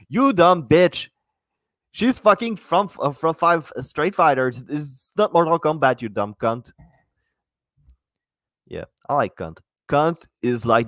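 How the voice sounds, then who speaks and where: A man's voice: medium pitch, dry recording. Rambling, foul-mouthed man on a podcast. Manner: rambling, profane, many false starts. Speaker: podcast host. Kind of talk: solo podcast monologue.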